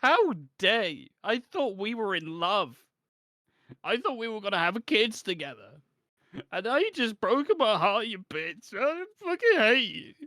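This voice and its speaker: A man mocking a whiny, heartbroken middle-aged man in a high, strained, shouty voice. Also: sing-song, measured pace, no echo, studio quality, exaggerated voice. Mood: indignant, heartbroken.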